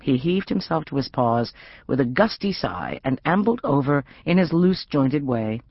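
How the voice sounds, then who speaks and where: A middle-aged woman narrating an audiobook in an expressive, wry reading. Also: very deep voice, normal speed, breathy edge, no echo, lo-fi sound. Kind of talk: scripted narration.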